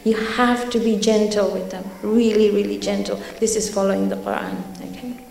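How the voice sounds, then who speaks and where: A woman lecturer gives an earnest religious talk to young people, urging them on and telling stories. Her medium-pitched voice is steady and darkish with vocal fry, at a normal pace. An echoey hall adds long reverb.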